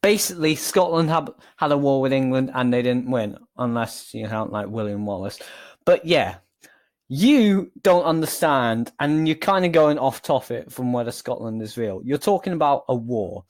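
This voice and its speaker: A man's voice: mid-range voice, expressive, normal speed. A man hosting a reaction video, answering clips with exasperated, incredulous rebuttals. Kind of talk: reaction commentary.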